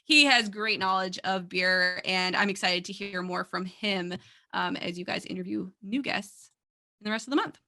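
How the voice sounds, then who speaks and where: A woman's voice: mid-range voice, moderate pace, sharp tone. A woman who produces a podcast, chatting in an upbeat, giggly, teasing way. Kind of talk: casual chat.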